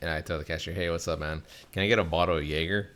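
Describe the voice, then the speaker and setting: A man's voice: deep voice, racing. A young man hosting a podcast, telling a casual, profanity-heavy story and acting out the people in it. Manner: animated, swears a lot, acts out quoted people. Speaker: podcast host.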